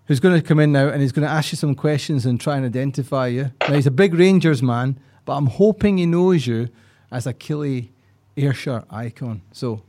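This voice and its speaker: A man's voice: mid-range voice, a little mellow. A man hosting a podcast, introducing the guest and teasing his co-host.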